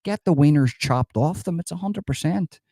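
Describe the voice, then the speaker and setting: A man's voice: on the high side, lively intonation, moderate pace, mellow, dry recording, clean studio sound. A man doing a sarcastic impression of a smug, mock-outraged politician, mocking comments in a live stream. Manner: sarcastic, mocking, reads comments and scoffs at them.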